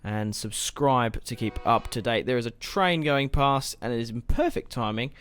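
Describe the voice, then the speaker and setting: A man's voice: mid-range voice, normal speed, a bit bright, clear, resonant tone, faint music behind. A young man giving casual, rambling let's-play commentary as he plays, thinking aloud and swearing now and then. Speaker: gaming let's-play host.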